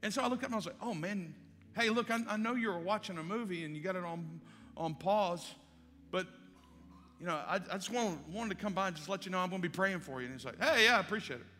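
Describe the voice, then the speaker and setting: Male pastor, lively storyteller, slightly high voice, live hall reverb. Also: fast talker. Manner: animated storyteller acting out dialogue. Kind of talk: sermon storytelling. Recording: live hall with long reverb and faint music.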